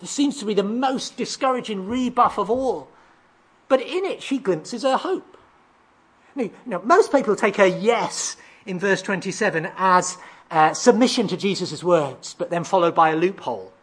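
A preacher delivering a sermon, explaining scripture verse by verse, asking rhetorical questions and sometimes pausing on fillers. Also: medium pitch, lively intonation, slightly rough. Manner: expository, asks rhetorical questions, reads out verses; occasional hesitant fillers and restarts.

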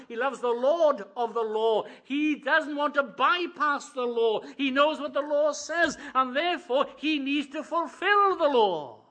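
With an extremely high-pitched voice, a man preaches a sermon, telling stories and acting out the voices he quotes. He shifts from hushed asides to emphatic declarations.

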